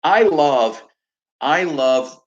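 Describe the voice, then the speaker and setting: A man's voice: on the high side, animated, very slow, highs cut off. A man in his fifties from the Chicago area, hosting a casual livestream with digressive, self-mocking talk and easy swearing. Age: 50s. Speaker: livestream host and record collector. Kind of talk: casual rambling livestream chat.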